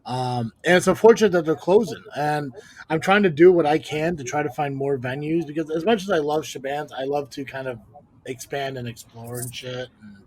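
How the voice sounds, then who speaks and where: A laid-back young man hosts a loose podcast chat. His voice sits a little high for a man, and he trails off into muttered asides. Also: normal speed, a little mellow. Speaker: podcast host and wrestling promoter.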